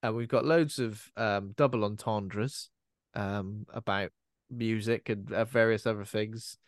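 A man with a fairly low voice co-hosts a podcast, speaking at a measured pace with fairly even intonation. The studio-quality audio has no echo. He chats loosely about a film, digressing freely and often quoting characters in silly voices.

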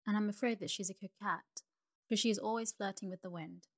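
A woman's voice: mid-range voice, fairly even intonation, a little fast, no room sound, clean studio sound, close to an everyday voice. A woman doing the Swallow, a fussy little bird. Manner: fussy and self-important. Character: fussy, proud male swallow, a small bird. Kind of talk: storybook reading for sleep.

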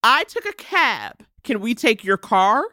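A woman's voice: on the high side, unhurried, dry recording. An emphatic woman in casual recap chat, her voice leaping up and down as she acts out characters. The sound is dry and close, with no room around it. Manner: animated and emphatic, voices characters while retelling. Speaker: podcast co-host.

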